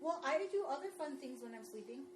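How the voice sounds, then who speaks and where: A woman's voice: sits high, expressive, noisy background. Wry woman in an echoey, humming room. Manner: quick wry quips, laughs often. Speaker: podcast co-host. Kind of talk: casual chat.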